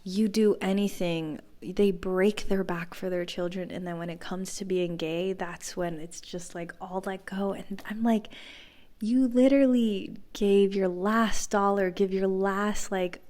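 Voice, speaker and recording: A woman's voice: medium pitch, fairly even intonation, unhurried, a little mellow. Chatty woman hosting a podcast. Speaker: podcast host. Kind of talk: casual chat.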